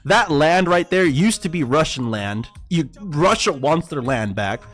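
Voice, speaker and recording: A man's voice: a little high, expressive, a little slow, a bit bright, soft background music. A man hosting a trading livestream, ranting heatedly and profanely and calling his viewers boys. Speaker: livestream host and forex trader. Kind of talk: casual livestream political rant.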